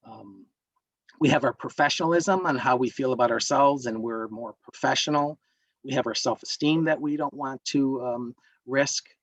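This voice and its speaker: A man's voice: mid-range voice, normal speed, dry recording, rough recording. A man leading an interactive wellness workshop, lecturing and putting questions to the group. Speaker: workshop instructor.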